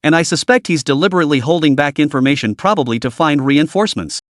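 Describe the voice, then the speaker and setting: A man's voice: fairly high pitch, quick pace, no room sound, clean studio sound, lightly acted. A man voicing a ruthless young male underworld boss who questions people in a curt, menacing way. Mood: cold, menacing.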